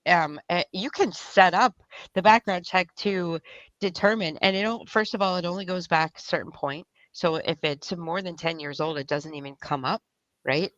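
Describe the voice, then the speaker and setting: Halting woman co-host on talk radio. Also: on the low side, fairly bright tone, dry recording, muffled recording. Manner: halting, restarts while explaining.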